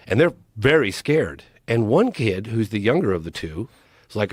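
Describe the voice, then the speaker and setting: Animated male storyteller, lively pitch. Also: fairly quick, slightly rough, no room sound. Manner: animated, emphatic storyteller with many restarts. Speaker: podcast guest, documentary filmmaker. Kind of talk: casual podcast storytelling.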